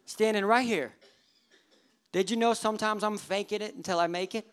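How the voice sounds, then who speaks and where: Animated male pastor in his thirties. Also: high voice, moderate pace, clean tone. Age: 30s. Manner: animated storytelling, acting out worshippers' inner thoughts with humor. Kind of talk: sermon.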